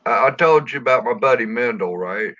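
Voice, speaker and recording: A man's voice: mid-range voice, animated, fairly quick, bright, forceful tone, no echo, faint music behind. A tipsy man with a rural Missouri accent, rambling through a casual chat with lots of restarts and swearing. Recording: dull lo-fi dry audio.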